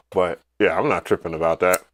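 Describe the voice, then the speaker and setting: A man hosting a casual livestream, telling stories in an animated, profane way with loud excited outbursts. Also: deep voice, gravelly. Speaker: livestream host.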